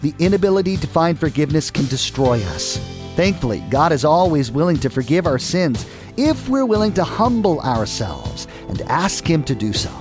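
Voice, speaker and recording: Male announcer, lively high voice, scripted outro, clear music bed. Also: normal speed. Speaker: radio program announcer.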